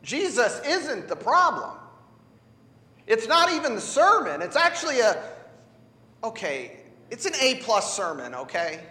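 Male pastor, high voice, playful sermon with a conversational feel, recorded in a church with reverb. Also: wildly swooping pitch, measured pace, sharp tone. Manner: conversational and playful, asks the congregation for responses. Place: church sanctuary. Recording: echoey hall.

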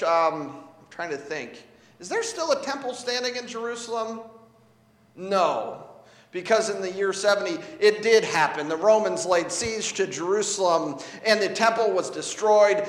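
A man delivers a sermon in a high voice and a slow, conversational pace, asking his listeners questions and leaning on words for emphasis. He is recorded in a church sanctuary, and his voice rings through a roomy hall with a long reverb tail. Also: fairly bright tone. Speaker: preacher.

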